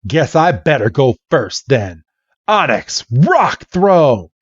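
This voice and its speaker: A man's voice: medium pitch, big pitch swings, slow, husky, dry recording, dull audio, exaggerated voice. A man voicing a cocky young male gym leader who taunts his opponent with boastful lines. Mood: taunting.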